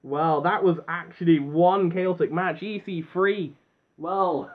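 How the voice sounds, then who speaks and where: A young man doing excitable play-by-play commentary on a robot combat match, animated and chatty. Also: high voice, takes it slowly, narrow, tinny audio.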